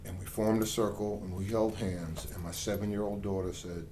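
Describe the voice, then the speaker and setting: Speaking at a moderate pace with few pauses, a middle-aged author from the US shares his story in conversation as an interview guest, animated and passionate, acting out dialogue. His voice is lowish, with slight background noise behind it.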